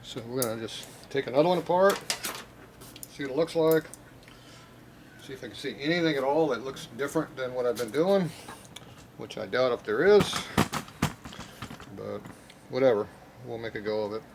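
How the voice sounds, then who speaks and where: A man's voice: mid-range voice, moderate pace, vocal fry, pauses often, noisy background. A man doing casual shop talk while he works on a motorcycle outdoors, plain-spoken and frustrated, often mumbling and trailing off. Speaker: motorcycle mechanic. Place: outdoor workshop yard on a windy day.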